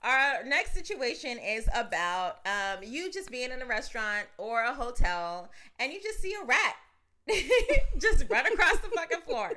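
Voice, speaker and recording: High, lively woman co-host. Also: unhurried. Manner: loud, profane, laughing storyteller. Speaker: podcast co-host. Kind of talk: casual chat.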